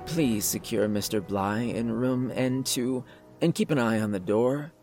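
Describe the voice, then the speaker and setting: A man's voice: medium pitch, a little slow, a little mellow, soft background music, natural voice. A man voicing a sinister male asylum doctor who gives curt orders. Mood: commanding.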